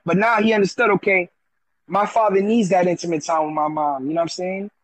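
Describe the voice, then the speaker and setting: A man's voice: high voice, steady tone, brisk. A man telling stories in casual chat, slangy and profane, on a dull, dry lo-fi recording. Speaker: show participant.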